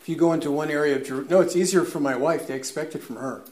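A man's voice: fairly high pitch, very fast, darkish tone. Earnest man minister, roomy sound. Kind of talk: personal testimony. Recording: roomy echo.

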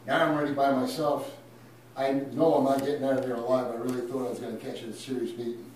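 A man's voice: medium pitch, level tone, quick pace, distant mic. A man from Brooklyn tells a story with punchy emphasis. His voice sits back from the mic in a very echoey room. A faint hiss of noise sits under it. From Brooklyn, New York. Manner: emphatic, punchy, builds to loud peaks. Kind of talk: animated storytelling.

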